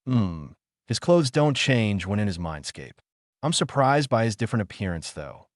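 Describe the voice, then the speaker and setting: A man's voice: fairly low pitch, big pitch swings, normal speed, no room sound, clean studio sound. A man voicing a proud, menacing female demon fox spirit who commands and threatens. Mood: brooding.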